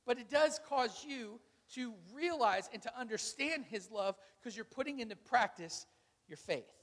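A man's voice: very high voice, lively intonation, moderate pace, fairly bright tone, in a large hall. A male pastor preaching a sermon in a casual, conversational way, drawing responses from the congregation in a church sanctuary.

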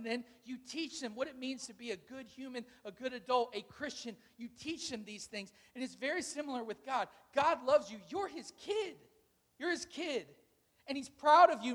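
Male pastor, very high voice, relaxed conversational sermon with call-and-response, long hall reverb. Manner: casual, conversational preaching with congregation call-and-response.

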